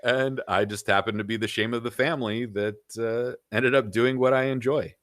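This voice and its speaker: A man in his forties appears as a podcast guest, sharing opinionated views casually and leaning on "you know" while listing examples. His mid-range voice is a bit bright, fairly even in intonation and moderately paced, recorded in a clean studio with no echo.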